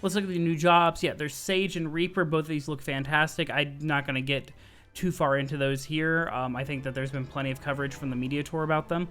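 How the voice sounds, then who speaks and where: A man giving casual, excitable commentary on game news, chatty and full of slang and quick restarts. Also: a little high, soft background music. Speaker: gaming video creator.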